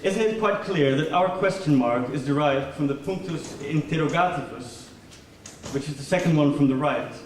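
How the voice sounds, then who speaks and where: A man's voice: a little high, normal speed. A man giving a performative lecture made entirely of questions, his intonation rising at each one. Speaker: performance speaker. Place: large lecture hall. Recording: echoey hall from far off, faint noise.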